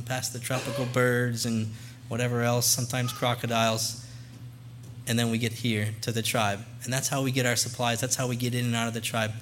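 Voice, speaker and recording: A man's voice: medium pitch, a little hiss or hum. A young man speaking as a missionary guest to a church congregation, earnest and conversational, into a microphone. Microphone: handheld or stand mic.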